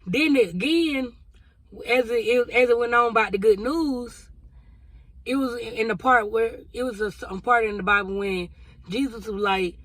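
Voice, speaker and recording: A woman's voice: a little high, a little slow, no echo. A woman vlogger sharing a spiritual testimony in a casual, emotional, conversational way, talking straight to her viewers. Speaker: vlogger sharing a prophetic word.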